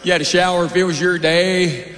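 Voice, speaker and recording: A middle-aged man delivers a stand-up set on stage in a large hall, his high, slightly bright voice keeping a steady tone at a brisk pace. He shares dry, conversational stories with asides to the crowd. Expect roomy hall reverb and faint noise.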